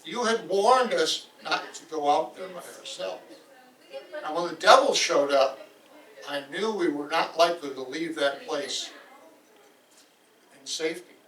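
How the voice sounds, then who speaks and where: A man's voice: a little high, measured pace, long pauses, a bit bright, recorded from a distance. A man voicing a stubborn, fearless Icelander warrior who asks blunt questions, heard from across a roomy hall. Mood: bold.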